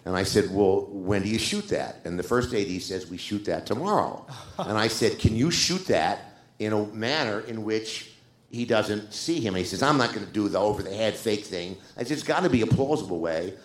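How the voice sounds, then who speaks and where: Older male screenwriter, low voice, animated raconteur, live theater echo. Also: moderate pace. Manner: animated storyteller, acts out quotes. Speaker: screenwriter guest. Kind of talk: live stage interview anecdote. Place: theater stage. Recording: roomy live theater sound.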